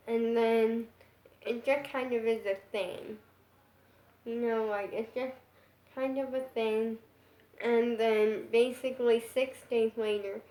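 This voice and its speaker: A young girl recounts a personal story in a casual vlog, wandering from thought to thought with constant fillers. Her voice sits slightly high, and the room around her rings with echo. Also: darkish tone. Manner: rambling, filler-heavy with constant "like". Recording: echoey room.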